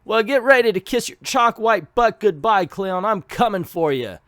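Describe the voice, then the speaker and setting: A man's voice: high-pitched, expressive, moderate pace, fairly bright tone, no room sound, voice pushed up. Man putting on a brash young clown woman, voice pushed way up, dry close sound, comic read-aloud.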